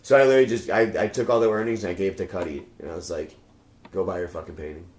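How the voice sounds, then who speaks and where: Fast-talking man telling a story in a roomy echo. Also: lowish voice, expressive, a little mellow. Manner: rambling, swears a lot, acts out quoted lines. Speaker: podcast guest. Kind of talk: casual storytelling chat.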